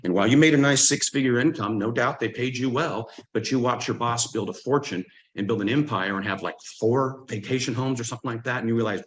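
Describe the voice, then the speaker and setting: A man from Louisiana, hosting a team call in a relaxed way, with many fillers and restarts. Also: medium pitch, fairly quick, few pauses, poor audio. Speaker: host.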